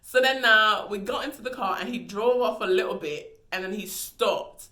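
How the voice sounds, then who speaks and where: A woman's voice: medium pitch, moderate pace, sharp tone. A young woman vlogger telling a story in a casual, dramatic, slangy way. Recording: echoey room.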